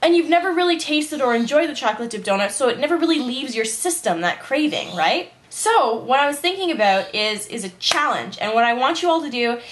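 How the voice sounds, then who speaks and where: Fresh out of bed, a young woman vlogs from home in a high, expressive morning voice, talking briskly with few pauses. She rambles casually, leaning on "like" and "you know," and a faint hiss or hum sits under the audio.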